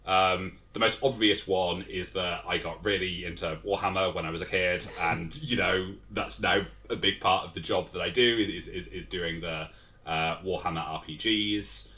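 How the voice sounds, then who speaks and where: Deep, bright-toned man, hesitant. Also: steady tone, moderate pace. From England. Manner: hesitant, thoughtful, many fillers and restarts. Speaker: game designer guest. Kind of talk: casual interview chat.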